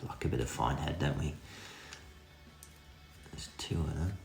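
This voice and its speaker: A man's voice: rumbling low, unhurried, vocal fry, darkish tone. A man giving a cheeky, self-mocking running commentary in a casual hands-on repair tutorial. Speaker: vintage reel restorer. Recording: echoey room with music behind.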